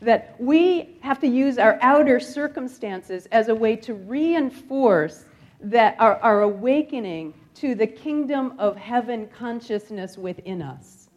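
Middle-aged woman preaching, somewhat high voice, chatty storytelling manner, hushed asides. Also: expressive, slow pace, dull audio. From upstate New York. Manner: conversational storytelling, drops to a hushed near-whisper on grave moments. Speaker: guest speaker. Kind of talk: sermon.

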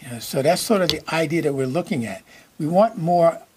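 A man preaching a sermon as minister, repeating key phrases slowly and checking in with his listeners. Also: fairly high pitch, animated, noisy background.

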